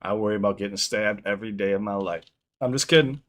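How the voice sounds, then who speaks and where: Fast-talking man hosting a reaction video. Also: lowish voice, heavy background noise. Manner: laid-back, chatty, lots of fillers. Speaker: reaction channel host. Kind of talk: casual reaction chat.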